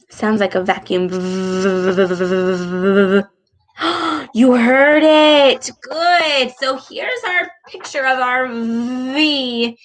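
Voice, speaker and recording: A woman reads a children's storybook aloud, then teaches a speech sound. Her voice sits a little high, and she draws every word out very slowly. Her delivery is exaggerated and encouraging, the way a speech clinician talks to small children. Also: a bit bright.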